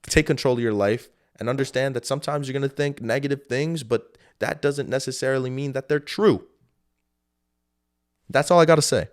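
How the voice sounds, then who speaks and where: Male solo podcast host, mid-pitched, casual and profane, rambling motivational delivery. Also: moderate pace. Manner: loose, rambling, frequent swearing and fillers. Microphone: camera setup.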